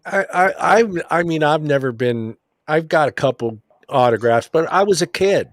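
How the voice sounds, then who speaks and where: A man's voice: on the high side, lively intonation, normal speed, no echo, studio quality. A man co-hosting a casual sports chat show, telling long rambling stories and swearing casually. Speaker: podcast co-host.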